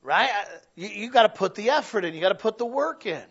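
High, bright-voiced man preaching. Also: lively intonation, fast, husky, highs cut off. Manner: conversational, addresses the congregation directly, acts out quoted people. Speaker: pastor. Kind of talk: folksy sermon.

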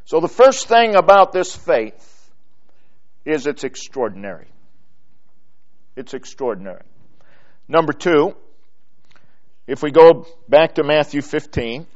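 A man preaching a sermon, slow and deliberate, stressing single words and letting his phrase ends fall low. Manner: quotes scripture in old-fashioned phrasing. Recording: dull lo-fi recording.

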